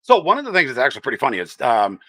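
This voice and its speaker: A man's voice: mid-range voice, huge pitch swings, racing, sharp tone. A man with a Texan-tinged accent hosting a casual livestream, chatting and teasing his viewers as he reads the chat. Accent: Texan-tinged American. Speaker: livestream host.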